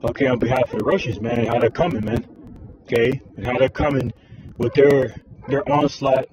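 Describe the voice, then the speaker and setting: A man's voice: medium pitch, fairly even intonation, fairly quick, darkish tone, a little hiss or hum, rough recording. A man giving informal religious commentary, rambling and packing his talk with fillers like "all right" and "man". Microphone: phone screen recording.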